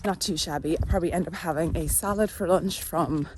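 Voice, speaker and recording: A woman chatting casually to camera in a vlog, rambling with fillers, at times out of breath while walking fast. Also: fairly low pitch, background noise. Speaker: vlogger.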